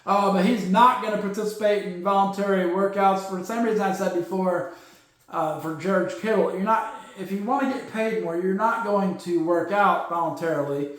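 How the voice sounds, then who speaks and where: Guy rambling thru news with jokey asides, kinda high voice, super echoey room. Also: moderate pace. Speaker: podcast host. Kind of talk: casual news chat.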